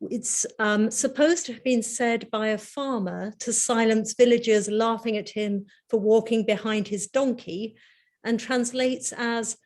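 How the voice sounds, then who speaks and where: Measured woman giving a reflective lecture. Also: on the high side, fairly even intonation, a little mellow. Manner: measured, reflective, with rhetorical questions. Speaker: lecturer, Anglican priest and dean. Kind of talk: prepared lecture.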